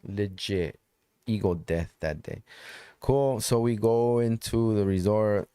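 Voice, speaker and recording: A man's voice: lowish voice, slow, mellow, clean tone, no room sound, clean studio sound. A man telling a personal story in casual conversation, loose and profane, repeating phrases for emphasis.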